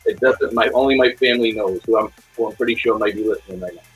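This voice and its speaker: Middle-aged podcast host, husky, stumbles and repeats himself, faint music behind. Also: male voice, on the low side, fairly bright tone, poor audio. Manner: halting, repeats words, earnest. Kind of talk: casual podcast chat.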